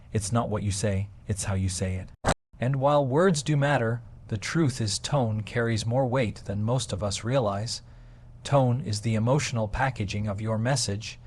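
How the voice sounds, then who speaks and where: A man delivering a scripted motivational talk on communication, with measured, emphatic pacing and deliberate pauses. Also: mid-range voice. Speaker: motivational speaker.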